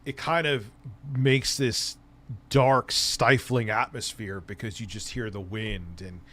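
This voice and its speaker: A man's voice: lowish voice, fairly even intonation, takes it slowly, pushed and bright. A man hosting a casual livestream, chatting with viewers in a rambling, enthusiastic way and swearing freely. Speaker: streamer host.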